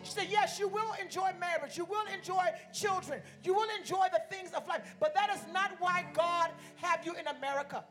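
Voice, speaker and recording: High-voiced woman preaching over music. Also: moderate pace, hardly any pauses. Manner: call-and-response preaching, builds to shouting. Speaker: pastor. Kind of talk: sermon. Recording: music playing behind.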